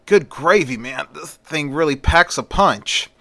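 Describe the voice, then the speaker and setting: A man's voice: fairly high pitch, lively intonation, measured pace, fairly bright tone. A man voicing a heroic strongman who speaks earnestly and steadily.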